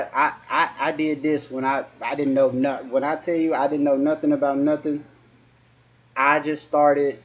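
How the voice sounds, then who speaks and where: A man around forty in a casual spiritual chat, halting and restarting often, slipping into softly acted quotes. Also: a little high.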